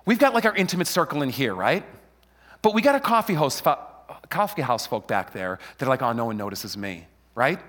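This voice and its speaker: Bright high-voiced joking pastor. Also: male voice, huge pitch swings, fairly quick. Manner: playful, joking crowd-rallying preacher. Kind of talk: lively Palm Sunday sermon. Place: church hall with a live congregation. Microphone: handheld mic. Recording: long hall reverb.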